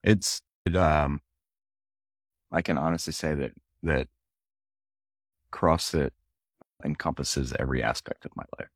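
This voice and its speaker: A man's voice: very deep voice, unhurried, long pauses, dry recording, clean studio sound. A man from Philadelphia, a fitness coach and gym owner, talking earnestly and easily in a casual interview. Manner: earnest, easygoing.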